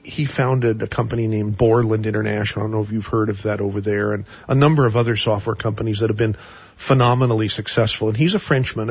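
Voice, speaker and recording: A man's voice: mid-range voice, breathy edge, no room sound, muffled recording. A man hosting a casual interview, rambling and often repeating words as he looks for the right phrasing. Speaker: interview host.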